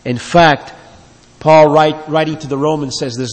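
A man's voice: on the high side, fairly even intonation, a little slow. A man preaching a sermon as pastor, emphatic, with his voice swelling and dropping. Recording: long reverb of a large hall.

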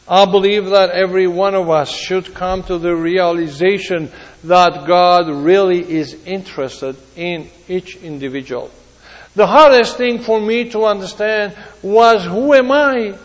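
A man preaching a sermon, earnest, with pauses and restarts, his voice rising and dropping. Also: sits high, big-room sound, poor audio.

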